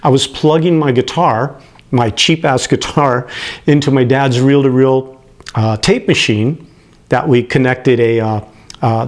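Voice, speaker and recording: A man in his late fifties telling a personal story, animated and prone to chuckling, who gets emotional as he talks. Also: medium pitch. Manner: animated, acts out the people he quotes, chuckles as he talks.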